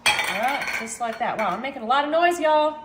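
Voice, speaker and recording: A woman's voice: sits high, lively intonation, brisk, noisy background. A woman hosting a casual cooking demonstration in her home kitchen, chatting to viewers and calling them y'all as she goes. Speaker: cooking channel host. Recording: echoey kitchen with clattering dishes.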